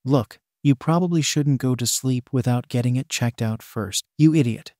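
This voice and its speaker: A gruff, cursing teenage boy with a hot temper, read out by a man. He snaps in exasperation, every line laced with swearing. The voice sits at a middling pitch and sounds dry and close. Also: moderate pace, darkish tone, dry recording, close to an everyday voice. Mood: irritated.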